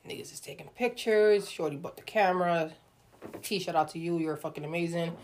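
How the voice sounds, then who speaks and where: Slangy woman telling a lively story. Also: lowish voice, brisk, slight background noise. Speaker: podcast host and music manager. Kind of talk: casual chat.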